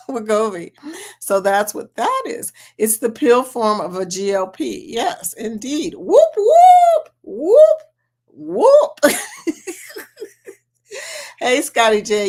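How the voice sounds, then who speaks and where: A woman hosting a casual livestream chat, reading viewer comments aloud and laughing often. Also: medium pitch. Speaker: livestream host.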